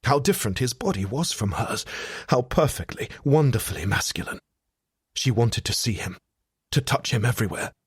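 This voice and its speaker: A man narrating a romance audiobook with steady, sensual storytelling. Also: medium pitch, moderate pace, husky, no room sound, studio quality.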